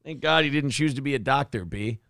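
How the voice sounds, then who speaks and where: A man's voice: medium pitch, brisk, vocal fry, fairly bright tone, dry recording, clean studio sound. A man hosting a morning radio show, chatting casually and mocking with a sarcastic, laughing delivery. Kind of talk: casual comedic chat. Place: radio studio.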